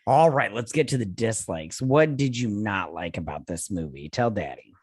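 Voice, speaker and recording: A man's voice: fairly low pitch, animated, moderate pace, darkish tone, husky, dry recording. Laid-back man with a dry close voice. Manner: laid-back and drawling, swears casually, lots of "um" and "right on". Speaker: podcast co-host. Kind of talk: casual movie review chat.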